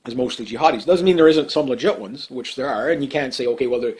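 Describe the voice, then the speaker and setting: A man's voice: medium pitch, quick pace, a little mellow. A man giving off-the-cuff political commentary, blunt and emphatic, rambling with many fillers and restarts.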